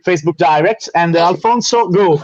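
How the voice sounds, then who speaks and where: A man with an Italian accent, a native Italian speaker, hosting a live fan club interview in halting English with many fillers. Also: sits high, a little mellow, highs cut off. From Italy.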